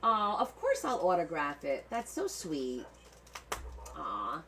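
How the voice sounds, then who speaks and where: Hosting a live online auction of her handmade journals, a woman chats warmly with viewers, thanks them by name, and often repeats words. Her voice is deep and fairly bright, with a slow pace and wildly swooping pitch. The low-quality recording carries slight background noise.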